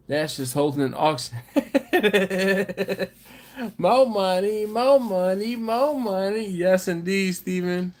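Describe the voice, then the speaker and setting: A man hosting a live stream, casually chatting and reading viewer comments with easygoing chuckles. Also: medium pitch. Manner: laid-back, chuckling, chatty asides to viewers.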